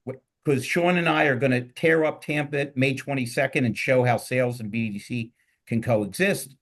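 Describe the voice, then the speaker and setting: Middle-aged male host, Philly accent, rambling and jokey, energetic panel banter. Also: mid-range voice. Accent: Philadelphia. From Philadelphia. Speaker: podcast host. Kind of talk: casual panel talk.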